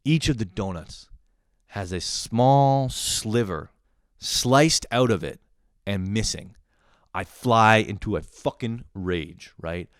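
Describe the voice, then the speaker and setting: A man's voice: fairly low pitch, takes it slowly, clean tone, dry recording, clean studio sound. A young man hosting a podcast, telling a profane comedic story and acting out family members in shifting voices. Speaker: podcast host.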